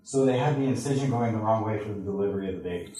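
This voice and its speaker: A man's voice: on the low side, warm tone, recorded from a distance. Earnest man telling a story in an echoey hall. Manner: earnest, halting, acts out quoted voices. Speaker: speaker sharing a personal testimony. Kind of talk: emotional storytelling to a live audience. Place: large echoey room with an audience.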